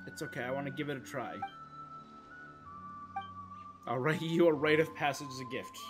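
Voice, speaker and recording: A man's voice: mid-range voice, fairly even intonation, fast talker. A young man streaming a game, reading its dialogue aloud and putting on character voices, with playful asides. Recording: game music faintly behind.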